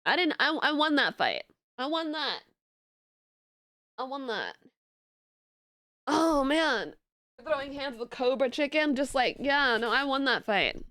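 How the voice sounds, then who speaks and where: A young woman streamer chatting casually with her viewers, telling stories in animated, laughing rants. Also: high voice, measured pace, pauses often, no room sound, studio quality. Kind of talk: casual live-stream chat.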